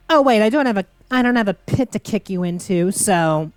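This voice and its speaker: A woman's voice: mid-range voice, lively intonation, fairly quick, few pauses, smooth, dry recording, soft background music. A young woman playing through a game with playful, theatrical, teasing commentary. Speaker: gaming streamer. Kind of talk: let's play commentary.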